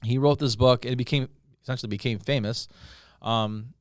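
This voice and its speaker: A man's voice: medium pitch, steady tone, a little fast, clear, resonant tone, no room sound, clean studio sound. A middle-aged man from Utica, New York, telling a story as a guest author, rambling with fillers and restarts. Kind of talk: casual podcast chat.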